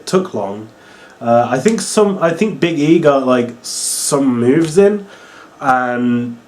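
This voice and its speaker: A man's voice: on the high side, a little mellow. A young man giving a casual, exasperated review full of sarcasm and fillers like "uh" and "like". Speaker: wrestling reviewer.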